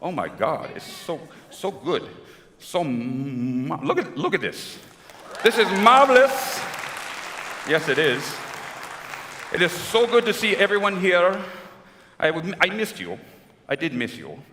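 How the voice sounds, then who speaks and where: A man's voice: a little high, unhurried, pauses often, background noise. Man doing a gushing aging Latin film star. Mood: fawning. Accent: put-on Spanish. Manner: flattering, gushing, drawling. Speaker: convention guest performer. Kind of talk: live comedy impression on stage. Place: large convention hall. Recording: echoey hall with crowd.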